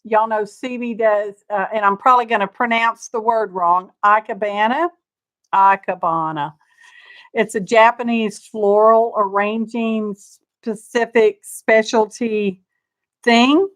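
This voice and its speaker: Speaking in a slightly high, somewhat bright voice, an older woman leads a live craft show-and-tell from her studio. The craft channel host gushes, chats freely, laughs often and welcomes viewers by name.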